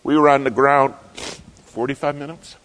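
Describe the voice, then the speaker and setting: A man preaching a sermon, telling a story with dramatic swings between loud and hushed. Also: medium pitch, steady tone, moderate pace, a little hiss or hum.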